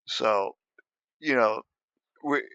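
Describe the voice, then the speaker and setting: A man in his fifties, an Army veteran guest, telling war stories in a casual, animated and profane way. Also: mid-range voice, drawn-out words, gravelly, no echo. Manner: animated, profane, laughs often. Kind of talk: casual storytelling in an interview. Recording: dry, dull lo-fi sound.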